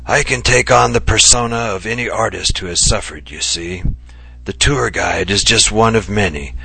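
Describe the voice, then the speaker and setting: A man's voice: fairly low pitch, moderate pace, gravelly, sharp tone, slightly rough, dry recording, exaggerated voice. A man voicing an impish, ailing older male writer who talks with mock seriousness and breaks into coughing bouts, in a dry recording. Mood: musing.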